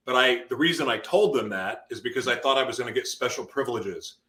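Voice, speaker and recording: A man's voice: mid-range voice, lively intonation, quick pace, a bit bright. A man in an interview telling an intense personal testimony, his voice rising into sudden emotional outbursts. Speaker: guest.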